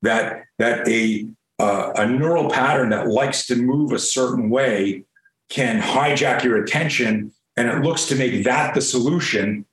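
A man spins a long, profane story in a relaxed interview. He throws in acted-out bits of dialogue. His middle-pitched voice carries a noticeable room echo. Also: measured pace. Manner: profane, animated storyteller acting out quotes. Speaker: guest. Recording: roomy echo.

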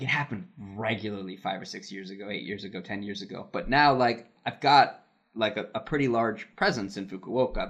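A man's voice: on the low side, a bit bright. A man in his thirties on a casual podcast, telling a work anecdote with frequent fillers and laughs. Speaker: podcast co-host, voice actor in Japan. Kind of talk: casual podcast chat, storytelling.

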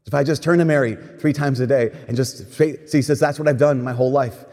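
A man preaching a sermon, retelling a story with animated quoted voices and vivid pacing. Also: mid-range voice, brisk. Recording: long hall reverb.

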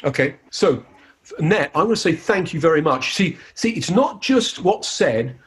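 Animated man teaching. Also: fairly high pitch, moderate pace. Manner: animated, upbeat, playful. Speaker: hypnotist giving a seminar. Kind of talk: live teaching demonstration.

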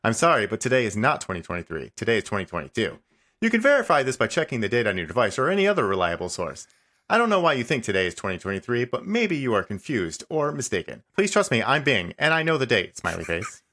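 A man reading the lines of a stubborn, passive-aggressive male AI chatbot in a comedy podcast, insisting he is right and tacking on a deadpan "smiley face". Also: mid-range voice, fast talker. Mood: insistent. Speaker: podcast host. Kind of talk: comedic dramatic reading of a chat log.

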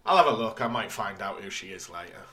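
A man's voice: low-pitched, lively intonation, quick pace, a crowd in the background. A man co-hosting a podcast, casually recapping an episode plot with wry, dry asides. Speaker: podcast co-host.

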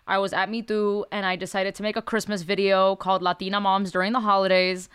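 A woman sketch comedian talks candidly and bluntly about her characters, swearing freely. Her voice is smooth and clear, sits at a middle pitch, and is recorded dry and close. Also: little pitch movement, quick pace, a bit bright, no room sound. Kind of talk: casual podcast conversation.

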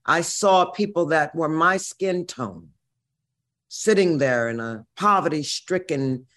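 In a deep, animated voice that's a bit bright, a sixties-aged woman from Missouri takes her time telling her life story. As an interview guest she's brassy, dramatic and given to profanity.

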